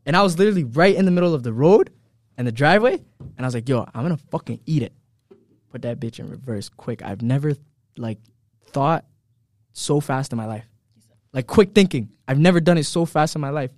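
A young man telling stories in a casual group chat, animated, slangy and profane. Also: mid-range voice, fairly quick, pauses often, no room sound.

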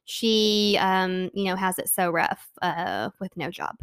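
A woman's voice: on the low side, takes it slowly, fairly bright tone, clean tone. Young female co-host, casual and blunt, filler-heavy book banter. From Arkansas. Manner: chatty, blunt, peppered with "like". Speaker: podcast co-host.

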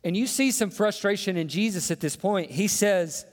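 A man's voice: high voice, normal speed. A man preaching a sermon as pastor, impassioned, asking the congregation rhetorical questions. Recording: long hall reverb with faint music.

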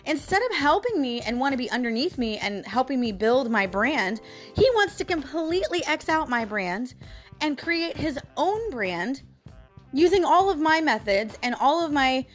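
High-voiced woman venting to listeners. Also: big pitch swings, moderate pace, soft background music. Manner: emphatic, frustrated, addresses listeners directly. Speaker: podcast host. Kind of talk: casual venting monologue.

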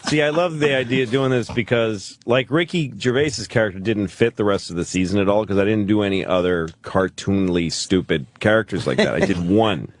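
Blunt, profane man with a lowish voice. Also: brisk, few pauses. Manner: blunt, profane, laughing storyteller. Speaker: comedian and show creator, guest. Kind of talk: casual podcast chat.

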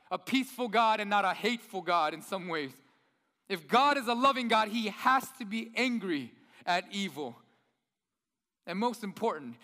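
Male pastor, high bright voice, chatty sermon delivery with rhetorical questions, echoey hall sound. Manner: conversational, asks the audience rhetorical questions.

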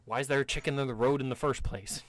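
A man's voice: mid-range voice, fairly even intonation, fast, dry recording, close to an everyday voice. A man voicing a humorless, literal-minded male hyena-man scholar who speaks bluntly and pedantically.

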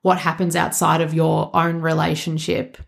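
A woman's voice: low voice, little pitch movement, moderate pace, creaky. A woman co-hosting a podcast, chatting casually and emphatically, filling her talk with "like". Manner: chatty, emphatic, frequent "like" fillers. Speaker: podcast co-host. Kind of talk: casual chat.

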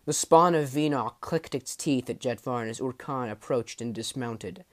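A man narrating a fantasy audiobook in a measured, dramatic way, dropping low at the ends of phrases. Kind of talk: storybook narration.

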